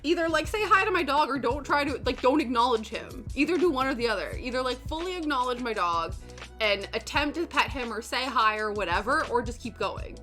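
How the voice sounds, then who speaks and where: A woman's voice: sits high, lively intonation, brisk, pushed and bright. A young woman chatting casually while she cross stitches on a stream, rambling through stories and answering chat. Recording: background music under voice.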